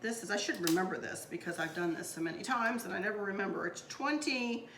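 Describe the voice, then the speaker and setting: Speaking fast at a medium pitch, a middle-aged craft channel host runs a casual tutorial from a room in her house. Her talk is upbeat and rambling, and the recording sounds roomy with faint background noise.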